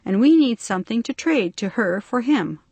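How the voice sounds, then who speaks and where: A harried little bee man from a storybook, polite and fussy, coaxing at first and then turning stern, as a woman reader puts him on. The voice sits a bit higher than plain narration. It is recorded close and dry. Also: lively intonation, moderate pace, darkish tone, slightly rough, no echo. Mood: pleading. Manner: pleading, then stern and impatient.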